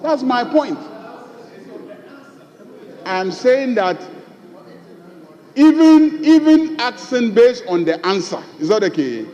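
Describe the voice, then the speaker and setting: A man's voice: very high-pitched, sing-song, slow, long pauses, warm tone, dull audio. A man, the majority leader, lecturing on the rules and repeating his point in a parliamentary debate. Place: large parliament chamber. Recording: long reverb of a large chamber.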